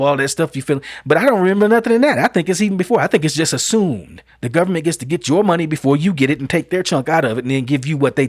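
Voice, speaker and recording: A middle-aged male host holds forth in an opinion monologue, firing off rhetorical questions in casual, folksy speech. His voice sits a bit high for a man, and the recording is close and dry with no room sound. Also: no room sound. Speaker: show host.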